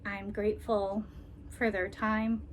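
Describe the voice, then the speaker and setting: Slow, rambling woman vlogger. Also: mid-range voice, level tone, slight background noise. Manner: slow, rambling, with frequent ums and soft laughs. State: emotional, holding back tears. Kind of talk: casual personal vlog.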